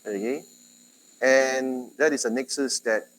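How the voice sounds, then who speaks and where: A man with a Singaporean English accent tinged with Malay, giving a university lecture in a conversational way, questioning his students and often jumping in loudness and pitch. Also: fairly even intonation, takes it slowly, slight background noise, rough recording. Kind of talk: classroom lecture.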